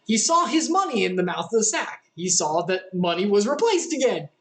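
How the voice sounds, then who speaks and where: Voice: medium pitch, very animated, moderate pace, a bit bright, low-quality recording. A Bible study leader who reads scripture aloud and then paraphrases it in casual, chatty terms, with plenty of fillers.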